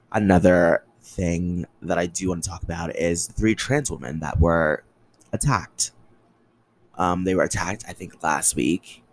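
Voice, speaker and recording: A man's voice: deep voice, poor audio. A young man hosting a solo podcast, ranting in an impassioned, angry way with lots of swearing. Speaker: podcast host.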